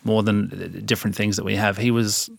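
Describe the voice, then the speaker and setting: An Australian man in a relaxed interview, laughing often and explaining with spoken examples. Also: fairly low pitch, a little fast, creaky, breathy edge, no echo, clean studio sound. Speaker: guest. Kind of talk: casual interview chat.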